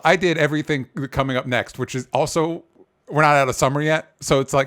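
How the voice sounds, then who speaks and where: A man's voice: medium pitch, brisk, a bit bright, smooth. An enthusiastic man hosting a casual podcast. He talks directly to his audience in a friendly, easygoing chat. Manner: enthusiastic, addresses listeners as "gang". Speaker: podcast host.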